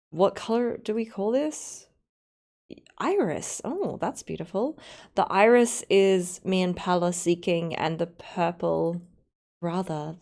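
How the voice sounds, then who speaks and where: A woman's voice: lowish voice, a little mellow. An Australian woman chatting casually on a live stream, rambling and giggling as she talks.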